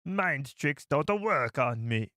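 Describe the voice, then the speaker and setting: A man doing a halting alien trader impression. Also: a little high, animated, pushed and bright, exaggerated voice. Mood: mimicking. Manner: halting, struggling with the voice. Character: impression of a gravelly alien junk dealer.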